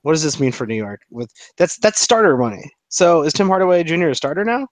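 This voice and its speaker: A man's voice: fairly high pitch, animated, fast, no echo. A man co-hosting a casual sports chat, opinionated and playfully indignant. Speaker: podcast co-host.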